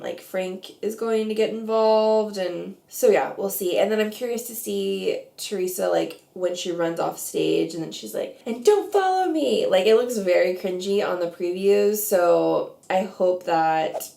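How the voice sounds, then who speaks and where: A woman's voice: medium pitch, vocal fry, warm tone, reverberant. A woman vlogging her reality TV reactions in a casual, opinionated way, with lots of "like". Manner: chatty, opinionated, heavy use of "like". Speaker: reality TV commentator.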